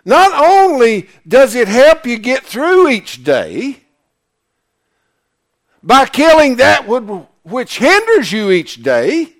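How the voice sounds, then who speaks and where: A man's voice: very high-pitched, wildly swooping pitch, takes it slowly. A man preaching a sermon, emphatic, firing questions at the congregation. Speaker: pastor.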